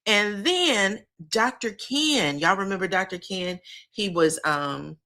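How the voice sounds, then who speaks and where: A woman hosting a casual reality TV recap, talking straight to her viewers. She is animated and profane, laughs often, and acts out the people she describes. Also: medium pitch, slow. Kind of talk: casual gossip commentary.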